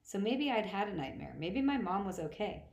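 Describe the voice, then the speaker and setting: A woman reading first-person novel narration aloud in a plain, steady manner. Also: medium pitch, normal speed. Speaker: audiobook reader. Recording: roomy echo.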